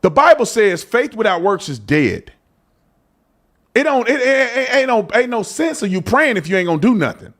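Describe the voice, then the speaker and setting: A man's voice: high-pitched, very animated, moderate pace, fairly bright tone. A man hosting an opinion podcast, talking in a preachy, colloquial way and often mocking others in put-on voices. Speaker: podcast host. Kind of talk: opinion commentary.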